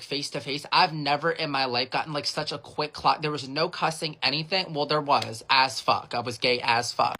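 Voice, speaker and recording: Chatty, sassy man with a bright, high voice. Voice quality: higher voice for a man. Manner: chatty and sassy, fills with 'like'. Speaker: customer service phone agent. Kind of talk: casual storytime.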